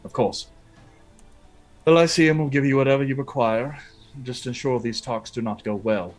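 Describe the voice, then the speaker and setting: A man voicing a scheming noble lord who gives cold, measured orders in a low voice. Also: faint music behind, lightly acted.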